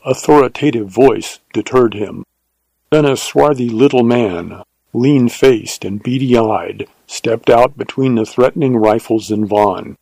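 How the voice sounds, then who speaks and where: A man narrating a western novel as an audiobook, in a measured, steady way. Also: medium pitch, gravelly, husky, dry recording, rough recording.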